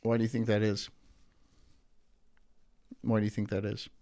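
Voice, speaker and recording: A man's voice: lowish voice, monotone, normal speed, darkish tone. A man hosting a live stream, giving crude, mocking reaction commentary and laughing at chat. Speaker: streamer host.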